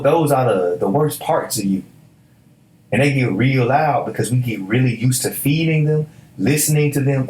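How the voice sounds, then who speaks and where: A man's voice: fairly low pitch, a little mellow. Preachy young man in an echoey room. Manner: emphatic, preachy, colloquial with repeated stammered restarts. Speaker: podcast host. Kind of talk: motivational solo podcast talk.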